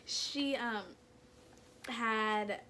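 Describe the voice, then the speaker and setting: A woman's voice: fairly high pitch, fairly even intonation, extremely slow, slight background noise. A young woman vlogging a candid personal story in casual speech, full of "like" and "kinda" fillers. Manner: candid, soft-spoken about hard memories.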